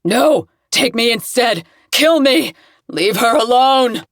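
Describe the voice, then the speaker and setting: A woman's voice: fairly high pitch, lively intonation, slow, no echo, clean studio sound, pitched above the performer's own voice. A woman voicing a terrified man who screams desperate pleas while caught in a trance. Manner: desperate pleading shouts.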